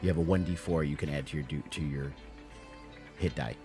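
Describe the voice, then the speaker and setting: A man's voice: a bass voice, fairly quick, dark tone, faint music behind. A man narrating as dungeon master in a tabletop game, describing actions in detail and laughing often.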